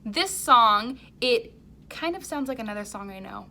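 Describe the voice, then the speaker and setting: A woman's voice: fairly high pitch, lively intonation. A woman teaching a music lesson to young children, leading them in chants and songs with plenty of encouragement. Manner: warm encouraging, slow and clear, sings and chants along.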